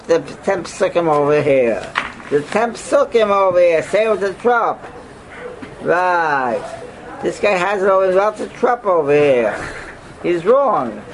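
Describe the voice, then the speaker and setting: There is background noise as an older man, a rabbi, leads a Torah class in a high-pitched voice. He's animated, rattling off rhetorical questions and erupting in sudden loud bursts.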